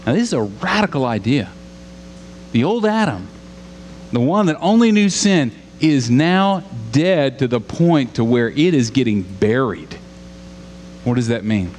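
A man's voice: mid-range voice, darkish tone. A man from Louisiana preaching a sermon, earnest and questioning the congregation, building to emphatic repetition. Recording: long hall reverb with faint hum.

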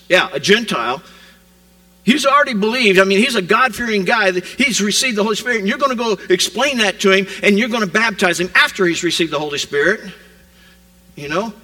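A man preaching a sermon, retelling scripture as a vivid modern scene, rising loud and dropping to a hush. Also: sits high, a little fast, low-quality recording. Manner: animated storytelling preacher, swings from loud to hushed. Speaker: pastor.

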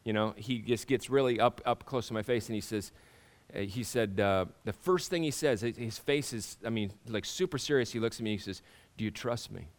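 Middle-aged male pastor, conversational sermon. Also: on the low side. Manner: conversational, halting restarts, rhetorical questions to the congregation.

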